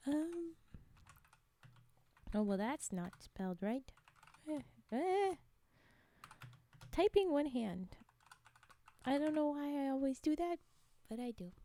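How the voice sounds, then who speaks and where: A woman streamer chatting playfully with viewers during an ASMR stream, soft-spoken, often dropping to a whisper, and giggling a lot. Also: sits high, dry recording.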